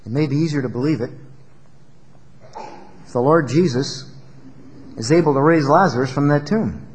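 Male pastor, high-pitched, emphatic sermon style, recorded with reverb in a church hall. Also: moderate pace. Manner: emphatic preaching, rising and dropping loudness.

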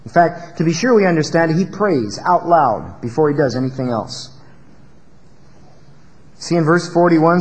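Male pastor, high-pitched, emphatic sermon style, recorded with reverb in a church hall. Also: very animated, normal speed, long pauses. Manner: emphatic preaching, rising and dropping loudness.

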